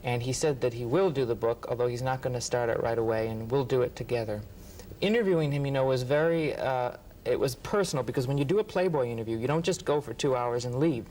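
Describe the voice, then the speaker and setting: A man, a writer and interview guest, telling lively anecdotes and acting out what others said. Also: medium pitch, fast talker, a little hiss or hum, poor audio. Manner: animated, acts out quotes, laughs often. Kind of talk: anecdotal storytelling.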